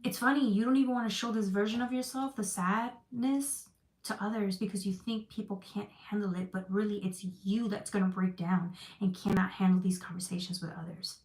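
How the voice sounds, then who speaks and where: A woman's voice: mid-range voice, fairly even intonation, fairly quick, darkish tone. A woman giving a casual livestream tarot reading, chatty and loose with slang, answering comments from her chat. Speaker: tarot reader. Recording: echoey room with faint noise.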